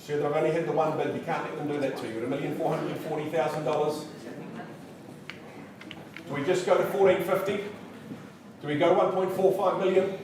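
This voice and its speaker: A man's voice: fairly high pitch, steady tone, brisk, long pauses, background noise. A man calling a live auction indoors, rattling off bids and teasing the bidders with playful asides. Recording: very echoey room, voice from a distance.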